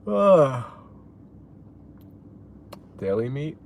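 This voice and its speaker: A man live-streaming and chatting casually, reading out chat messages in a laid-back way and reacting loudly to donations. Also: mid-range voice, very animated, drawn-out words, vocal fry, a little hiss or hum.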